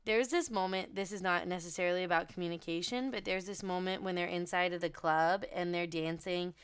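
Low smooth-voiced woman chatting about books. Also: fairly quick. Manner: excitable, swears casually, reads book passages aloud. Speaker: podcast co-host. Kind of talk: casual book chat.

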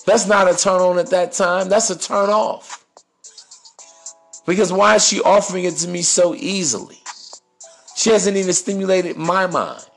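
A man's voice: sits high, moderate pace, vocal fry, pauses often, soft background music. A man hosting a podcast, giving crude, swaggering dating advice in a preachy monologue. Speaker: podcast host.

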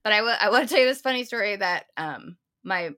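A woman's voice: mid-range voice, expressive, quick pace, a bit bright. A woman co-hosting a podcast, chatting casually and rambling through long stories. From United States. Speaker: podcast co-host. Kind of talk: casual chat.

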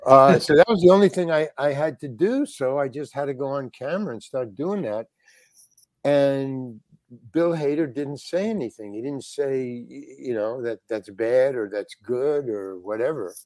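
An older actor telling a story as an interview guest in a halting, rambling way, full of restarts. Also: male voice, mid-range voice, darkish tone, no echo. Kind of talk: casual storytelling.

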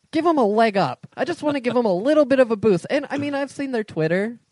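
A man's voice: very high voice, lively intonation, a little fast, darkish tone, dry recording. A man chatting casually in a teasing, mock-sincere way. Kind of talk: casual chat.

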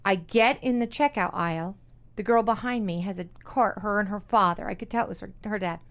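A middle-aged woman hosting a podcast, telling a story animatedly with quick restarts. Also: medium pitch. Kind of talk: casual chat storytelling.

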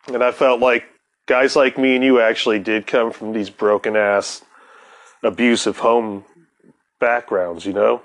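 A man's voice: medium pitch, steady tone, a little slow. Rambling, profane middle-aged man. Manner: profane, rambling, heavy swearing. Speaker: podcast host. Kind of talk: casual chat.

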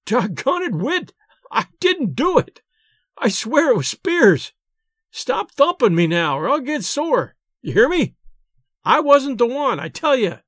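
Guy doing a squeaky panicky young ballplayer, big swoops. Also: sing-song, a little slow, fairly bright tone, dry recording, studio quality, exaggerated voice. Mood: protesting. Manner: high, frantic protesting. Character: mischievous young male ballplayer, prankster.

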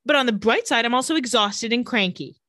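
A woman's voice: a little high, fairly quick, pushed and bright, dry recording, clean studio sound. A woman reading out a peppy, self-mocking young vampire woman in a bouncy, dramatic way for a podcast recap.

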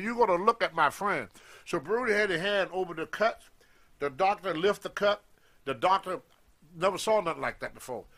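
An older man, a guest telling an animated story and acting out the people in it. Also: high voice. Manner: animated storyteller, acts out quoted voices. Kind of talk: storytelling in a podcast interview.

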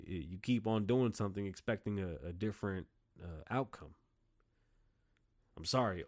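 A man's voice: lowish voice, a little mellow. A man hosting a podcast, delivering a blunt, profane, opinionated monologue with heated bursts. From Las Vegas, Nevada. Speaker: podcast host.

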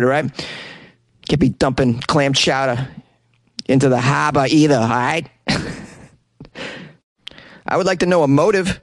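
A man's voice: mid-range voice, a little slow, long pauses, no room sound, clean studio sound. A man hosting a casual show who reads out odd news items and reacts with sarcastic jokes and casual swearing. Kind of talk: casual commentary on news stories.

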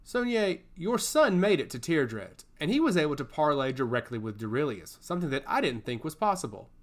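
A man's voice: medium pitch, very animated, a little fast, fairly bright tone. A man voicing a smug, scheming male servant of a god who taunts and giggles, in a storybook reading.

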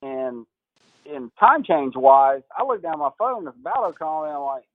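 A man, a golf coach guest, telling animated stories in a podcast interview and acting out what people said, laughing often. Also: a little high, normal speed, no echo, phone-quality sound. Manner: animated storyteller, acts out quotes, laughs often.

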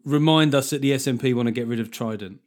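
A man's voice: medium pitch, fast, darkish tone. A man hosting a podcast, chatting casually in a jokey, self-mocking way with frequent hesitant restarts. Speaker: podcast host. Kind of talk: casual chat.

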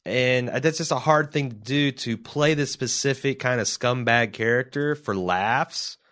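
A man co-hosting a casual podcast, talking excitedly and swearing, often mimicking characters in sudden high voices. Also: measured pace. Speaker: podcast co-host. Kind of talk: casual show discussion.

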